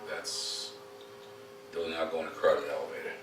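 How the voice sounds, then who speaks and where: With a rumbling low voice, a level tone, and a moderate pace, a dog trainer coaches an owner directly at their home, often tossing in "okay?". The casual instruction takes place in a home room and is recorded by a distant camera mic that sounds roomy, with faint noise.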